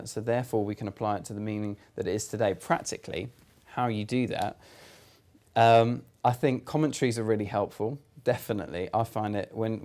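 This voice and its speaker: A man's voice: fairly low pitch, warm tone. A young man with a British accent, explaining ideas in an earnest, conversational way, with fillers and restarts. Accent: British English. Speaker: youth church speaker. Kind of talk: casual explanatory talk to camera.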